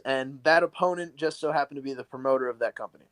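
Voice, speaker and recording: A man's voice: medium pitch, quick pace, fairly bright tone, no room sound, rough recording. A young man, a professional wrestler guesting on a podcast, telling stories in a casual, rambling way full of fillers. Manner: rambling, filler-heavy storytelling. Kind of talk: casual storytelling interview.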